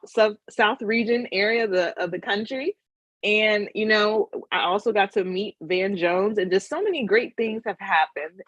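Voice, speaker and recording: A woman's voice: medium pitch, dry recording, lo-fi sound. A woman giving a casual motivational webinar talk as a money mindset coach, telling her story earnestly and emotionally.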